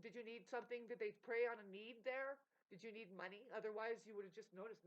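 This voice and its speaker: A woman venting in a heated, rambling monologue, her swearing voice jumping from loud bursts to quiet mutters. She sits in the middle of the female pitch range. The recording is dull and lo-fi. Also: fast talker. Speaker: vlogger. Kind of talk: emotional unscripted rant to camera.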